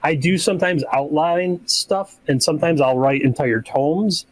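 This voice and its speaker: A man who runs tabletop games, talking casually on a podcast in a relaxed, rambling way and acting out examples. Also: fairly high pitch, measured pace, no room sound, poor audio. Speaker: game master.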